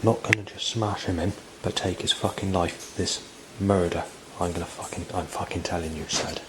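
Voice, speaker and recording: A man's voice: sits low, fairly even intonation, normal speed, background noise. A man, rambling and hesitant with many fillers, recording a spoken log indoors. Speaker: diarist recording a personal log. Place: indoors in a building.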